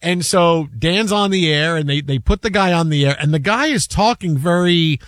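A man's voice: a little high, normal speed, fairly bright tone, no echo, studio quality. A man hosting a sports talk show, telling stories animatedly and acting out the people in them. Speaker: sports radio host.

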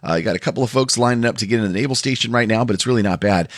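A man rattles through a live traffic report in an easygoing way. He talks fast at a fairly low pitch. The sound is dry and close. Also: no room sound. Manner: easygoing, with fillers.

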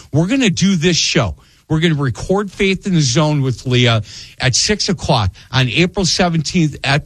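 A man's voice: fairly high pitch, dry recording. A middle-aged man hosting a radio interview show, telling stories animatedly. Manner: animated storyteller, acts out voices in anecdotes.

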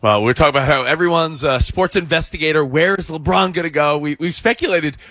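A slightly higher-voiced man co-hosts sports radio, spinning chatty stories between laughs. His voice comes from a close studio microphone with a dry sound. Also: quick pace, a bit bright, dry recording. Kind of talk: live sports radio banter.

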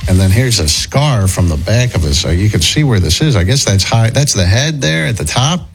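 A man's voice: on the low side, expressive, moderate pace, gravelly, faint music behind. A man hosting a casual talk show, rambling and opinionated with frequent restarts. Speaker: podcast host. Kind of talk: casual commentary chat.

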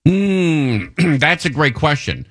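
A man's voice: on the high side, big pitch swings, takes it slowly, a bit bright. A middle-aged man hosting a radio show, telling anecdotes in an easygoing, rambling way and correcting himself as he goes. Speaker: radio host. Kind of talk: casual chat, anecdote telling.

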